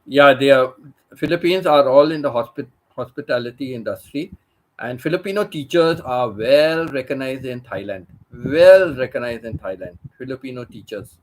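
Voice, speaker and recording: A man's voice: mid-range voice, animated, normal speed, poor audio. Rambling man in casual chat. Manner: repeats phrases, restarts sentences. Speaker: channel host. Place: living in Thailand.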